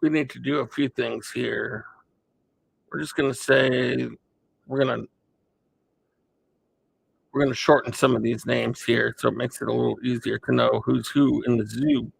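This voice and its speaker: A man runs a casual livestream, chatting with viewers by name, thinking aloud, and calling a mock race. His mid-range voice has vocal fry, with slight background noise.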